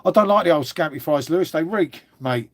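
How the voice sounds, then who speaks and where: Here a middle-aged man with an English accent runs a relaxed live chat, going through viewer comments in a friendly, matey way and using "mate" a lot. His voice is on the high side, expressive and brisk, with no echo.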